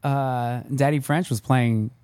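A man co-hosting a podcast in casual chat, easygoing, agreeable and quick to laugh. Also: mid-range voice, steady tone, darkish tone, clear, resonant tone. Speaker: podcast co-host.

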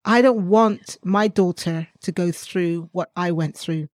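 A woman's voice: on the low side, measured pace, no room sound. Chatty woman on a faith podcast, laughs a lot, dry close mic. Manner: lively, laughs often, jumps into animated asides. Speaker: podcast co-host. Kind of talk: casual faith podcast chat.

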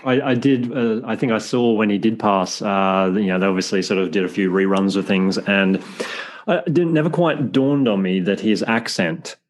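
Relaxed male interviewer, low voice, meandering filler-heavy questions. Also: moderate pace. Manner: rambling, hesitant questions with many fillers. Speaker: host. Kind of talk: casual interview chat.

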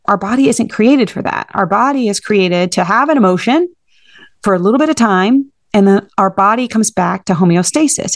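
A woman's voice: mid-range voice, dry recording, clean studio sound. A woman hosting a solo podcast as a therapist, talking straight to the listener and calling them friend. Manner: warm direct address, calls listener friend.

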